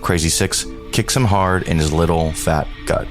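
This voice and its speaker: Man doing a low grave fight narrator, music behind. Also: moderate pace.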